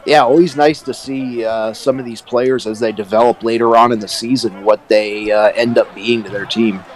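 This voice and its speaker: A man giving relaxed color commentary on a basketball game, with frequent filler words. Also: mid-range voice, normal speed, rough recording.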